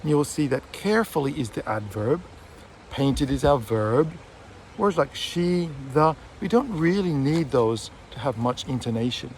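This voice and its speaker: Relaxed man teaching outdoors. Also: mid-range voice, a little slow, a little hiss or hum. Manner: chatty, relaxed, with frequent fillers and self-corrections; talking while out walking a dog. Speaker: English teacher and textbook author. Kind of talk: casual outdoor video lesson. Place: outdoors by a city river.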